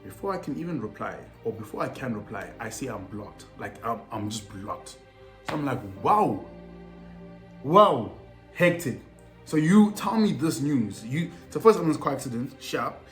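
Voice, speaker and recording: A young South African man telling a personal story to camera in a casual, animated way, heavy on slang and repeated phrases. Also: medium pitch. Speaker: storytelling vlogger. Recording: roomy echo with faint music.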